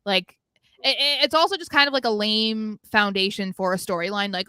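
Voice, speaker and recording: A woman's voice: medium pitch, normal speed, pushed and bright, smooth, no echo. A woman co-hosting a wrestling podcast, chatting casually and giving blunt opinions with frequent laughter. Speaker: co-host.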